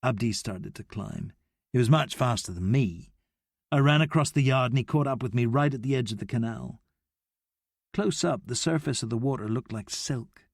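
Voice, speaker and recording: A man reading a novel aloud in a measured, steady first-person narration. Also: mid-range voice, creaky, no echo, clean studio sound. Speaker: audiobook narrator.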